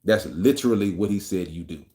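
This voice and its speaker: Man, podcast host, rapid-fire, profane, combative, mocking rant. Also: low voice, mellow.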